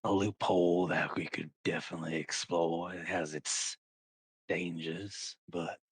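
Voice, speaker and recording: A man voicing a sly, knowing male sentient sword who speaks slowly and deliberately in a tabletop game. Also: low-pitched, steady tone, breathy edge, dry recording, exaggerated voice. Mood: sly, measured. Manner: drawling, deliberate.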